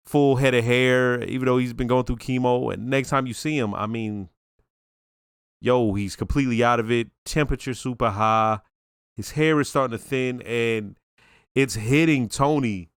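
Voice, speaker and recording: A man giving casual reaction commentary on a TV episode, talking in a slangy, reflective, animated way. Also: mid-range voice, dry recording, studio quality. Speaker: show reaction reviewer.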